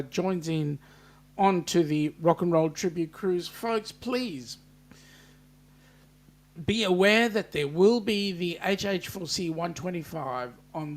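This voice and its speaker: An Australian man hosts a casual live stream chat at a relaxed, drawn-out pace. He reads viewer comments aloud and answers them with good-natured, teasing banter. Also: on the high side. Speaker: host.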